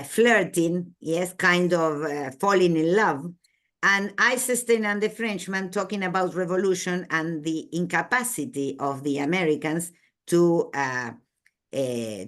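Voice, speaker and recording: A woman's voice: fairly low pitch, fairly bright tone. A woman teaching a literature class. She reads passages aloud and explains them, with many fillers and checking tag questions. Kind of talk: classroom lecture reading aloud from a novel.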